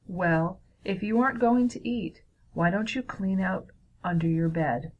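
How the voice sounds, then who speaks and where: A woman voicing a brisk, teasing older sister in a read-aloud story, pitched higher than her own voice. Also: highs cut off, a little hiss or hum, close to an everyday voice. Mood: bossy.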